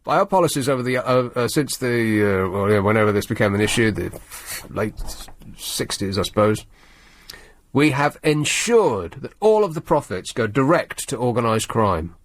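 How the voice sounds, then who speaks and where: A male radio host, talking in a sardonic, rambling, halting way in the studio. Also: mid-range voice, expressive, no echo. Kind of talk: late-night talk radio monologue.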